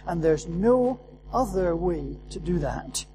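A man's voice: sits high, animated, slow, warm tone, a little hiss or hum, poor audio. A man preaching a sermon, earnest and emphatic, repeating his key phrases for weight.

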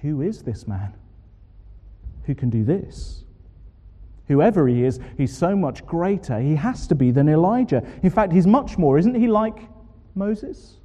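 A man preaching a sermon, expressive and full of rhetorical questions. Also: on the high side, measured pace. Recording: long hall reverb.

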